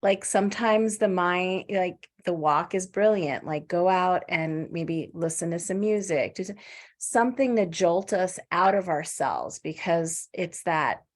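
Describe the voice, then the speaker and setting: A woman in the group shares her experience in a thoughtful, halting way, her voice trailing off softly at the ends of her thoughts. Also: fairly low pitch. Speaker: participant sharing. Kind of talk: casual sharing.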